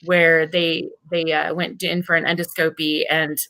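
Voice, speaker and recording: A woman in casual chat, telling an animated story with some swearing. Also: sits low, a little slow, no room sound, low-quality recording. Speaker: group chat participant.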